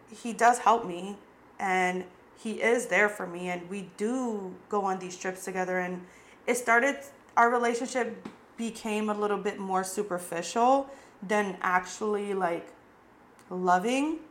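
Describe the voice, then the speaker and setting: Give me a young woman host recounting her own story frankly, with casual fillers and a medium pitch. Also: a little slow, a bit bright. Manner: candid, frequent "like" fillers, swears freely. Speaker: podcast host.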